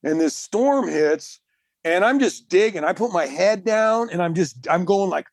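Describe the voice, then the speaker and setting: A marathon swimmer appears as a guest, recounting his story in casual conversation. His voice is high and his speed normal, he's animated and emphatic, laughs a lot, and there's no echo.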